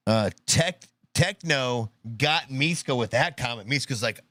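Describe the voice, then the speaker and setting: A man's voice: medium pitch, expressive, measured pace, hardly any pauses, pushed and bright, no echo. A man hosting a live show, sarcastically commenting on news clips and acting them out in mock voices. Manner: sarcastic, mocking, puts on voices to act out clips.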